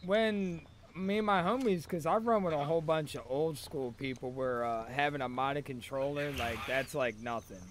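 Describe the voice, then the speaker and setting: A man's voice: a little high, normal speed, hardly any pauses, a little hiss or hum. A man in casual voice chat with fellow gamers, telling stories in a rambling, slangy way.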